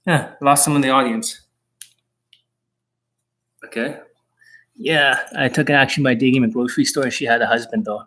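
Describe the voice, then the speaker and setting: A man's voice: mid-range voice, steady tone, moderate pace, pauses often, a bit bright. A man coaching on a live stream, answering viewer questions in a blunt, profane, brash way. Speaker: dating coach.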